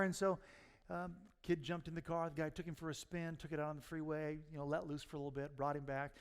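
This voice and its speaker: A man preaching a sermon as pastor, telling stories and swinging from quiet asides to near-shouts. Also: fairly high pitch, little pitch movement, fast, clean tone, long reverb tail. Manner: storytelling, rising to near-shouts at punchlines. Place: church sanctuary.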